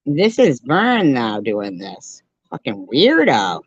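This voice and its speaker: A woman's voice: rumbling low, huge pitch swings, slow pace, breathy edge, dry recording. A woman hosting a commentary channel, making mocking, scornful remarks as she reacts to a clip. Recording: dry, dull lo-fi sound.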